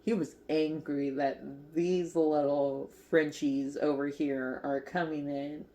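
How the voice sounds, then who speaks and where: A woman's voice: low voice, flat delivery, takes it slowly, warm tone. A woman casually recapping a movie as a crochet vlogger, chatty and giggly, with lots of fillers.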